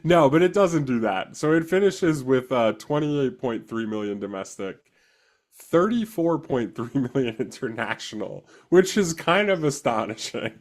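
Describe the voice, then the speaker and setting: A man's voice: medium pitch, big pitch swings, moderate pace. A man in his thirties co-hosting a movie podcast, chatting casually and laughing often. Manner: laughs often while talking. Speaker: podcast co-host. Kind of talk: casual chat.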